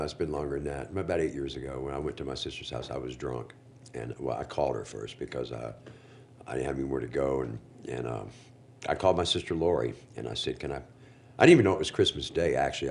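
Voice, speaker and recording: Deep, gravelly male guest; candid, emotional storyteller with a faint noise floor. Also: quick pace. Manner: emotional, slangy, calls people bro and dude.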